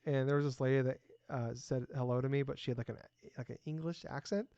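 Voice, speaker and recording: A man's voice: medium pitch, fairly even intonation, fast, warm tone, no echo. A man with a mid-range voice, telling self-deprecating stories as a podcast co-host and swearing casually. The sound is dry and close, with a dull, lo-fi quality.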